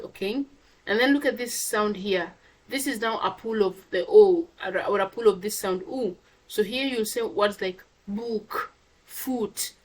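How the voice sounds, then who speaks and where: A woman teaching a pronunciation lesson to a class. She repeats words slowly to model each sound and checks in often with "okay?". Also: mid-range voice, poor audio.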